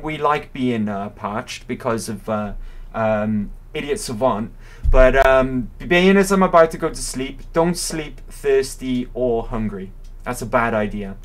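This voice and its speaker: A man commentating his game live, musing aloud in a rambling, curious way. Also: mid-range voice. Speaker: game streamer. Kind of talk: livestream gameplay commentary.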